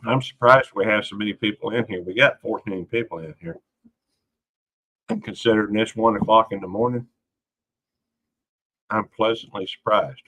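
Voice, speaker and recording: Low, bright-voiced man chatting on a livestream. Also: normal speed, pauses often, poor audio. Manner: rambling, folksy, greets viewers by name. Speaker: livestream host. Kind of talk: casual late-night livestream chat.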